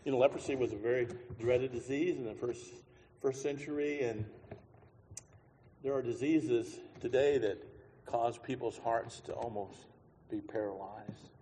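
A man preaching a sermon, moving from quiet musing to loud, shouted passages, and singing a hymn line along the way. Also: medium pitch, a little slow, slight background noise. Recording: long hall reverb.

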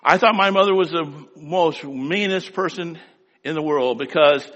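A middle-aged male preacher delivering a sermon with personal stories, dramatic, swinging between slow emphatic phrases and quick storytelling. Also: a little high, a bit bright. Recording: reverberant hall.

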